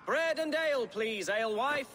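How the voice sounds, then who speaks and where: A man's voice: very high voice, expressive, moderate pace, sharp tone, exaggerated voice. An actor playing a boastful, flowery young male nobleman in a video game, speaking in a pompous, theatrical manner. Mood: grandiose.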